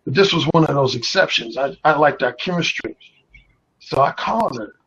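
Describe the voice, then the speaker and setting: A man's voice: a little high, expressive, normal speed, fairly bright tone, husky, dull audio. A man who is a radio host, telling bold, explicit stories as a guest in a casual chat.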